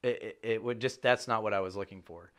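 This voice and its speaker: A middle-aged man chatting as a podcast guest, an animated storyteller who swears for emphasis and jumps up in pitch when excited. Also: fast. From Chicago area. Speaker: podcast guest, real estate agent. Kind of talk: casual chat.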